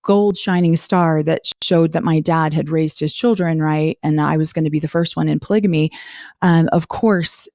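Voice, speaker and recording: A woman's voice: deep voice, fairly even intonation, normal speed, a little mellow, no room sound, clean studio sound. A woman guest candidly recounting her own life story in an interview. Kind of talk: personal life story in conversation.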